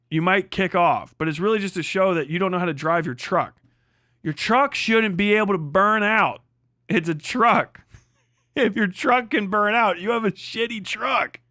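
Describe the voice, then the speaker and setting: A man streaming live who rants in a lively, scornful way, cursing in almost every sentence. His voice sits a little high for a man, and the sound is close and dry with no room in it. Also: no echo. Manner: swearing heavily, mocking, animated. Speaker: livestream host. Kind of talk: profane livestream rant.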